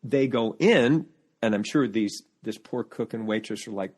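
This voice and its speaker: A man as a podcast guest, telling animated family anecdotes in casual chat and often restarting sentences as he searches for words. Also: medium pitch, normal speed, husky.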